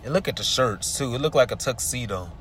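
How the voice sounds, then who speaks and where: A man, venting in a story time vlog, swinging between loud outbursts and low mutters, recorded in a car. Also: lively intonation, fairly quick, a little hiss or hum. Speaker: vlogger.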